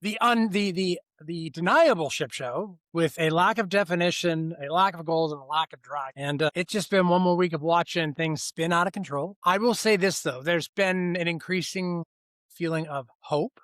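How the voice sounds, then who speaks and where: A man co-hosting a casual podcast, talking in a reflective, musing way and giving measured opinions. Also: on the high side, fairly bright tone, no echo, studio quality. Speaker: podcast co-host. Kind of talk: casual conversational podcast chat.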